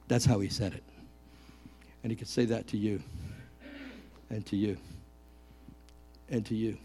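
A middle-aged male pastor preaching a lively sermon, joking and calling out questions to the congregation. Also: lowish voice, unhurried, pauses often, husky, faint music behind.

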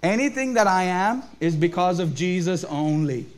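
A man's voice: high voice, expressive, moderate pace. A man leading a family church service, preaching to children and adults in an upbeat way and asking them questions.

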